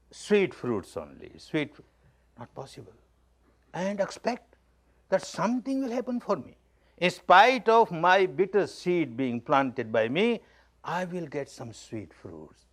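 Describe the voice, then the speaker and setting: A man's voice: fairly high pitch, big pitch swings, measured pace, fairly bright tone. A man from India, giving a spoken discourse as a spiritual teacher. He makes his points plainly and emphatically, and repeats key phrases as he tells stories.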